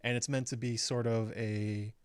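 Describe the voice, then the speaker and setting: A man's voice: medium pitch, level tone, normal speed, smooth. A man hosting his own channel, casually breaking down an episode with frequent "um" fillers. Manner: conversational, frequent "um" fillers, recapping plot step by step. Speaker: YouTube show host.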